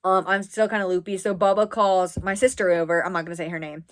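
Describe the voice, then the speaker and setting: A woman's voice: on the low side, level tone, quick pace. Woman, twenties, from the US East Coast: a chatty, rambling vlog storyteller who leans on "like" as filler. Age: 20s. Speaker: vlogger. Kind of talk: casual story time.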